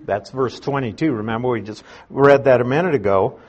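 A man teaching a verse-by-verse Bible study in an unhurried, conversational way, explaining and restating his points. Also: mid-range voice, a little mellow, dull audio.

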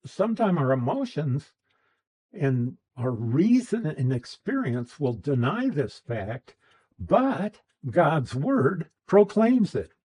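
A man's voice: a little high, darkish tone, breathy edge, poor audio. A man teaching a Bible class, explaining a verse's grammar patiently with restarts and asides.

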